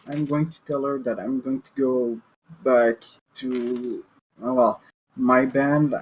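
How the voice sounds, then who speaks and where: A man's voice: mid-range voice, a little mellow, slight background noise, low-quality recording. A man playing a tabletop game, speaking hesitantly and stopping often to say "well". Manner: hesitant, halting with many "well"s. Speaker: player. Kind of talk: in-character tabletop play.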